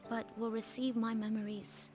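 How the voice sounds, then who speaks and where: A gentle android girl speaks in a high, earnest voice, soft and wistful about the end she faces. A woman streamer gives her the lines while reading a game aloud. Game music plays clearly underneath. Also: flat delivery, moderate pace, lightly acted. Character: gentle young android girl facing erasure.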